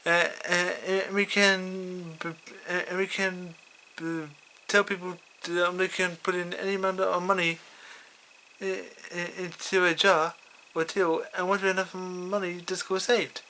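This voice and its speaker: A man's voice: high-pitched, flat delivery, unhurried, sharp tone, slight background noise. A man casually retelling his own fan story, stammering with many restarts. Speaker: fanfiction reader.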